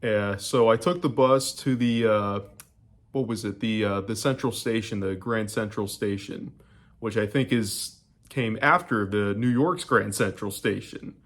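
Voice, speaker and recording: Low-voiced rambling young American man. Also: unhurried, fairly bright tone. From United States. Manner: rambling, loose, with many fillers and restarts. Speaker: travel vlogger. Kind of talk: casual travel recap to camera.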